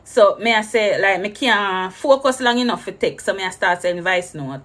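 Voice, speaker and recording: Jamaican woman telling a lively story. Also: medium pitch, moderate pace. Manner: slips between English and patois, acts out every exchange. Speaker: travel vlogger. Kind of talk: animated storytelling.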